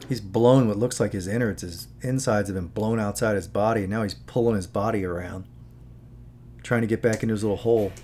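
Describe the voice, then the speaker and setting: A man's voice: lowish voice, fairly even intonation, fairly quick, darkish tone, a little hiss or hum. A man talking in a casual, earnest commentary, moralizing and rambling with many asides as he hosts his own channel. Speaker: channel host.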